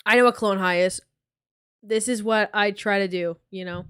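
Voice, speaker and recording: A woman hosting a casual reaction commentary, chatty and quick to laugh at herself. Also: medium pitch, fairly even intonation, fairly bright tone, clean tone. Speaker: commentary channel host.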